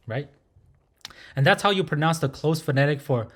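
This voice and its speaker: A man teaching a language lesson, who patiently demonstrates sounds and repeats them slowly, checking in with "right?". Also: on the high side, expressive, fairly bright tone. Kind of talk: recorded lesson.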